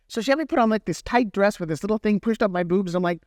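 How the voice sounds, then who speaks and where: A woman guest in an interview, telling a story with animated energy and acting out the other people's lines in lively voices. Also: mid-range voice, racing, few pauses, no echo, studio quality. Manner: acts out quoted dialogue in lively voices. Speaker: guest entrepreneur.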